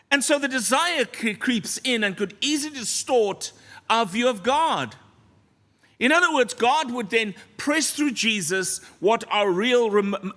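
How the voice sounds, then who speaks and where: High, bright-voiced preacher. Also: male voice. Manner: earnest, storytelling, often drops to a soft low voice. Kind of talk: sermon. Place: church.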